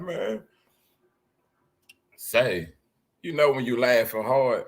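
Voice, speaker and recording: A man hosting a live reaction stream, talking loudly and crudely to his viewers in animated banter. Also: mid-range voice. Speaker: livestream host.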